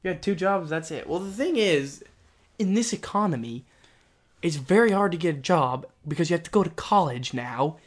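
A young man with a slightly raised voice chats casually with a friend. He tells stories with animated energy and breaks into loud, ranting bursts. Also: on the high side, normal speed. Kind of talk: casual chat.

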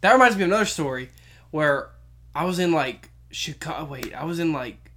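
A woman's voice: low-pitched, expressive, a little fast, fairly bright tone. A young woman chatting casually, telling stories with lots of laughing and acted-out quotes. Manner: giggly storyteller, acts out quotes. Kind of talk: casual chat.

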